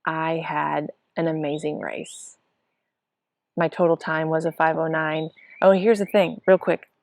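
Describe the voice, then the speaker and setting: A middle-aged woman, a triathlon coach, telling the story of her race in an excited, chatty way and acting out what people said. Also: sits low, unhurried. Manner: excited, breathless storytelling with acted-out quotes. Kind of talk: casual spoken race report.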